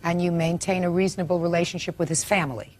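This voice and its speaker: An older woman judge fires off questions at a fast clip, sharp and cutting. Her voice sits a little on the low side. She cross-examines in a clipped courtroom manner. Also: steady tone, a little hiss or hum.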